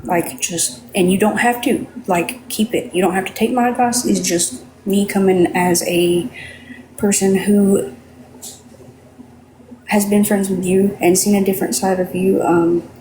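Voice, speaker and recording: A woman speaks earnestly in a casual group chat, halting often as she chooses her words. A faint noise sits behind her voice. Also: mid-range voice, steady tone, warm tone, poor audio.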